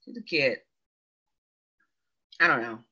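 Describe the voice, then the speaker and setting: A woman's voice: a bass voice, big pitch swings, slow pace, pushed and bright, husky. A woman in her forties hosting a casual livestream, rambling, chatty and questioning herself as she reads viewers' comments. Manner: chatty, rambling, self-questioning, laughs often. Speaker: livestream host reading chat. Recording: dull lo-fi sound.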